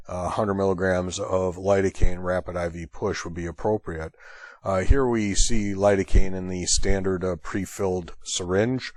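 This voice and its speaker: This EMS instructor and host explains a call during a training lecture, talking in a conversational way and thinking out loud with fillers. His voice sits on the lower side, and the recording is dry.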